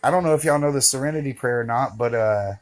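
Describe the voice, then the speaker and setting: A man's voice: mid-range voice, fast talker, faint music behind. A man vlogging a casual, meandering monologue to camera, full of fillers and joking asides but candid and reflective.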